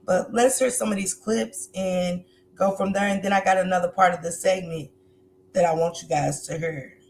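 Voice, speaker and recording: Against slight background noise, a woman talks at normal speed in a lowish, darkish voice with fairly even intonation. She's a livestream host doing casual commentary, speaking straight to her viewers in an emotional, sermon-like manner, and she's an adult with a grown son.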